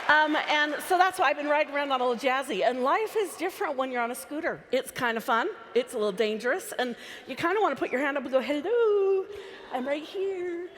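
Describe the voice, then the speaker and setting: A woman's voice: sits high, fast, few pauses, a bit bright, a little hiss or hum. A woman giving a chatty, playful live talk from a stage microphone to a large convention crowd. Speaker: convention speaker. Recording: live hall sound with reverb.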